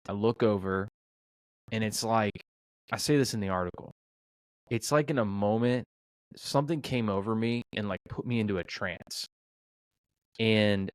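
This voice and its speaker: A middle-aged man with a somewhat low voice tells a story in a relaxed interview and plays out each exchange with quick restarts and fillers. The sound is dry and close, with no room around it. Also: clean tone, dry recording. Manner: animated storyteller, acts out quoted dialogue, many fillers and restarts. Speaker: restaurant owner, podcast guest.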